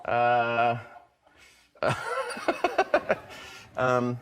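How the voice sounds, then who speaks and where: A man, a comedian guest, telling animated stories on a talk show and slipping into voices. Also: medium pitch, extremely slow, highs cut off, slight background noise. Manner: animated storyteller, slips into voices. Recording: TV broadcast with audience laughter.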